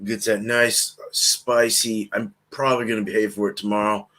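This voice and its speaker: A man's voice: on the low side, little pitch movement, normal speed, bright, forceful tone. A man chatting as a guest on a casual show, describing his food and beer with enthusiasm. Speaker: guest reviewer.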